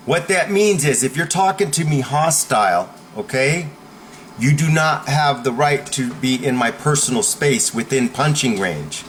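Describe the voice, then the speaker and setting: A man's voice: mid-range voice, lively intonation, measured pace, slight background noise. A man coaching viewers in a blunt, emphatic talk, often checking in with "okay?". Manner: forceful, blunt instruction. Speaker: self-defense coach.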